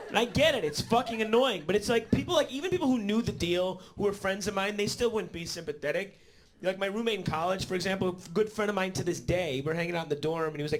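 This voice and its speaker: A man's voice: sits high, fast, crowd noise. Rambling man doing stand-up. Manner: rambling, filler-heavy delivery with swearing. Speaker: stand-up comedian. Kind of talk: live stand-up set. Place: comedy club stage.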